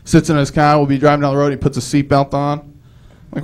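A man's voice: on the high side, monotone, fast, darkish tone, clean tone. A young man doing a live stand-up set, telling rambling self-deprecating stories with frequent restarts. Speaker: stand-up comedian.

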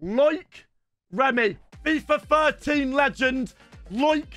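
A young man doing loud, sweary gaming commentary for his viewers. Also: very high voice, expressive, takes it slowly, faint music behind. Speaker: gaming YouTuber.

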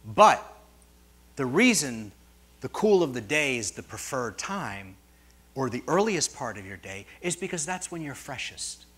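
A middle-aged man preaching a sermon as pastor, telling stories in a rambling way and swinging from soft asides to loud, rising peaks. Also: mid-range voice, very animated, measured pace, slightly rough. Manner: storytelling, digressive, swings from quiet to loud; jokes with congregation.

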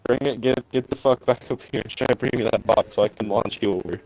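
Over a rough recording, this young man speaks quickly with fairly even intonation, vocal fry, and a lowish, slightly mellow voice. He's a gamer in a casual co-op session, swearing and exasperated as he bosses his friend around.

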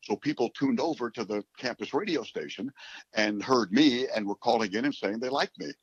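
A man in his seventies from New York City, a radio play-by-play announcer, telling rambling, animated stories in a casual interview. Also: medium pitch, normal speed, breathy edge, no room sound. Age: 70s. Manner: animated, rambling storyteller who acts out quotes. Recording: dull, dry recording.

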